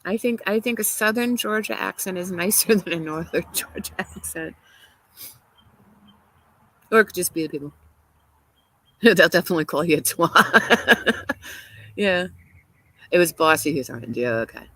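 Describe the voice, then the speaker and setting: A woman's voice: on the low side, lively intonation, normal speed, long pauses, a bit bright, poor audio. A woman hosting a casual livestream, talking through viewer comments in an opinionated, chatty way and laughing often. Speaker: livestream host. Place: outdoors in a garden.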